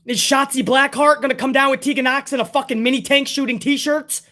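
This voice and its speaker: Young adult male reviewer, high voice, profane and sarcastic ranting delivery. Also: fairly even intonation, brisk, sharp tone. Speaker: wrestling show reviewer.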